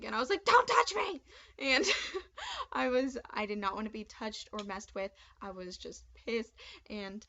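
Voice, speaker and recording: A young woman telling a personal story straight to camera, candid and chatty, with lots of "like" and lively retold lines. Her pitch sits in the middle of the range. The home recording sounds a little dull and lo-fi. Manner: chatty, candid, animated retelling with frequent "like". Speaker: vlogger.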